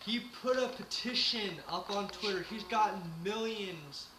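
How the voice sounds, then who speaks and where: A man with a somewhat high voice talks through his wrestling picks in a loose, hesitant way, filling gaps with "uh". The recording sounds echoey and carries clear background noise. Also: measured pace. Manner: hesitant, lots of uh fillers. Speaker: co-host. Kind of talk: casual wrestling prediction chat.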